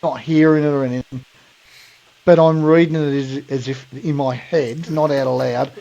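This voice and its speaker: A man's voice: on the high side, fairly even intonation, normal speed, creaky, mellow, highs cut off. An Australian man co-hosting a podcast, telling a rambling funny story in casual mate slang and laughing along. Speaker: podcast co-host.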